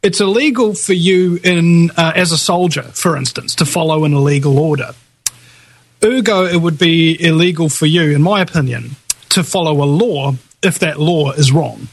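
Husky, higher-voiced opinionated man. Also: normal speed, no echo. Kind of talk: casual talk show conversation.

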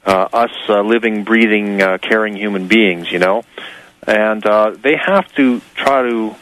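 A man's voice: on the low side, unhurried, a bit bright, no echo, rough recording. A man speaking as a guest on a talk radio show, rambling with many fillers and a sarcastic edge. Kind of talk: rambling on-air commentary.

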